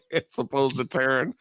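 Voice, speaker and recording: A man's voice: mid-range voice, fairly bright tone, smooth, no echo, clean studio sound. A man with a Chicago accent on a podcast, telling stories with laughs and cursing. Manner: laughing, profane storytelling. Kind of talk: casual chat.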